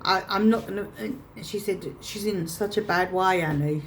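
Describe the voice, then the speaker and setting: A woman's voice: mid-range voice, moderate pace, a little hiss or hum. A woman telling a painful personal story to camera, emotional and reenacting her own past words. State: choked up. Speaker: vlogger.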